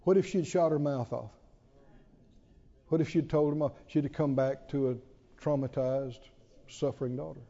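A man preaching a sermon in an animated, storytelling way, often chuckling. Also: medium pitch, normal speed, gravelly, long pauses, big-room sound, muffled recording.

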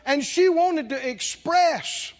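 High husky guy preaching, lively swoops, calls to the crowd, kinda muffled recording. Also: slow pace. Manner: animated, calls out to the congregation, laughs while telling. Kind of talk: sermon with storytelling. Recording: dull lo-fi sermon recording.

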